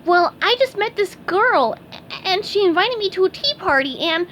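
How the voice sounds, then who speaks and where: A woman voicing an eager, excitable young male sea sponge in a high squeaky voice for a storybook reading. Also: normal speed, slight background noise.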